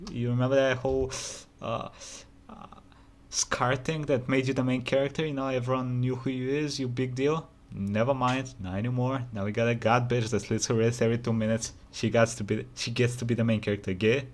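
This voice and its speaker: A man's voice: mid-range voice, fairly even intonation, a little fast. A man hosting a reaction video, ranting incredulously with rhetorical questions in casual commentary.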